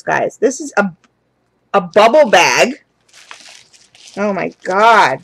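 A woman vlogging an unboxing in a casual, chatty way, gushing with excitement, calling her viewers "guys" and sounding close to tears with gratitude. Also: medium pitch, measured pace, husky, low-quality recording. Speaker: candle and wax hobby vlogger.

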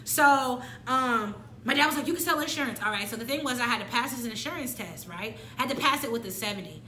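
Animated, slangy young woman, echoey room. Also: a little high, fairly quick, a little hiss or hum. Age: 20s. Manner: animated, slangy, acts out her own past lines. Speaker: vlogger. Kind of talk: candid personal storytelling.

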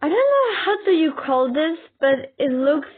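High, gushing woman reacting, lo-fi. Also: sing-song, measured pace. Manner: gushing, bursts into squeals and whoops. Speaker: reaction video host. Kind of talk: excited reaction commentary.

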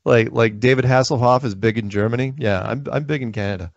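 A man's voice: mid-range voice, brisk, vocal fry, no room sound, dull audio. A man hosting a call-in show, joking and rambling, laughing often. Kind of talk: casual call-in chat.

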